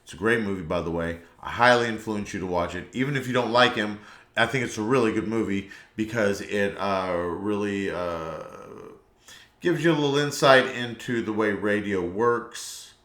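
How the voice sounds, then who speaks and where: A man's voice: on the low side, moderate pace, fairly bright tone. A man hosting a casual solo podcast, talking in a loose, rambling, meandering way. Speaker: podcast host. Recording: echoey room.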